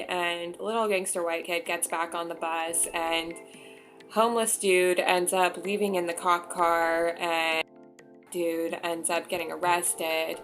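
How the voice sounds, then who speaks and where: A woman's voice: on the low side, a bit bright. A young woman vlogger telling a story casually in a chatty way, with lots of filler words.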